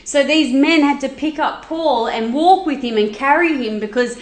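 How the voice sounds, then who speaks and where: A woman retells a Bible story in a chatty, animated way, full of asides and quick restarts. Her voice is high. The room around her is noticeably echoey. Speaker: Bible teacher.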